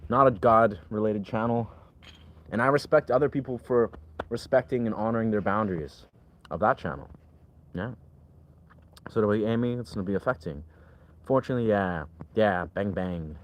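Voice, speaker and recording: Man, lowish voice, rambling casual livestream talk, lots of filler words, answering chat. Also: moderate pace, pauses often. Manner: rambling, leans heavily on filler "like".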